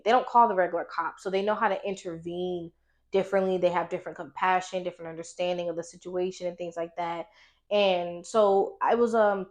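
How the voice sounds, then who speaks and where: Woman in her 20s, candid personal story, emotional, stops and restarts a lot. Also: on the low side. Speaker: vlogger. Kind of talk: personal testimony.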